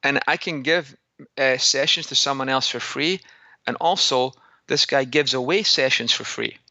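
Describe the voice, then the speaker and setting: A man's voice: medium pitch, moderate pace, sharp tone, no room sound, muffled recording. A man hosting a fitness business segment in a put-on Scottish accent, telling a story with chatty rhetorical questions. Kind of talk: casual podcast lesson.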